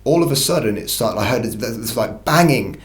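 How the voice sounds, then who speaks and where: A man's voice: medium pitch, expressive, a little fast, echoey room, noisy background. Rambling man telling a scary story. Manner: rambling and hesitant, swears often, with restarts. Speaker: channel host telling an encounter story. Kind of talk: casual first-person storytelling.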